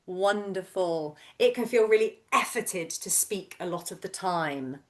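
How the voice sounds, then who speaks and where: A woman in her thirties, a vocal coach gently and encouragingly guiding a voice and breath workshop over a video call. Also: on the low side, expressive, measured pace. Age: 30s.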